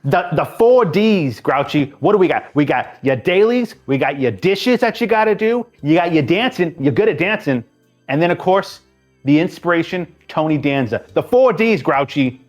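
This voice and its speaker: A man's voice: on the high side, lively intonation, moderate pace, faint music behind, natural voice. A man playing a harried male boss in an improvised comedy sketch, lecturing his clown employee, cursing and repeating himself.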